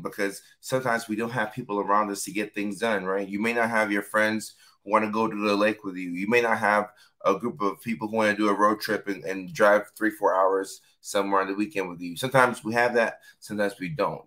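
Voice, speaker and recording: A man hosting a casual live-stream talk, a little hoarse, chatting and reading out viewer comments. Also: lowish voice, pushed and bright. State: hoarse from yelling. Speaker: host.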